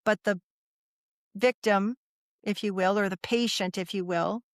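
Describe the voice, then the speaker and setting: Woman, middle-aged, podcast guest, earnest storytelling, repeats for emphasis, mid pitch, dry close sound. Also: fairly even intonation, measured pace, no room sound. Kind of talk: personal storytelling in a podcast interview.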